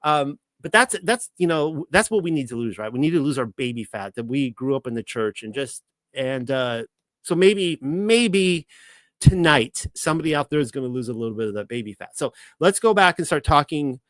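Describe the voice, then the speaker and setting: A man's voice: medium pitch, animated, moderate pace, fairly bright tone, no room sound. A man teaching the Bible in a casual, rambling way, with many restarts and fillers. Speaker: ministry teacher.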